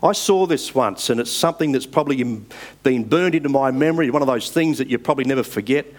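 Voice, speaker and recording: A man preaching a sermon in an earnest, measured way, rising for emphasis and dropping soft at the ends of phrases. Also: mid-range voice.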